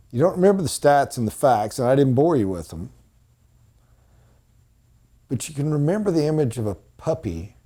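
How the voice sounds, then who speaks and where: A man leading a sales training session, telling stories and dropping to a hushed, dramatic tone for emphasis. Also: medium pitch.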